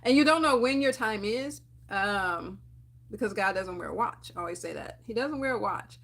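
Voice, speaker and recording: A young adult woman, a dental hygienist, talking casually to camera with animated, laughing encouragement and frequent fillers. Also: mid-range voice, moderate pace, vocal fry. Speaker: dental hygienist and channel host.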